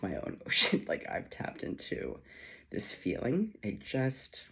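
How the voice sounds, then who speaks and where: A man giving a solo spiritual reading, emotional and tearful, talking in halting phrases with sighs and soft trailing words. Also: medium pitch, wildly swooping pitch, creaky. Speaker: spiritual channeler.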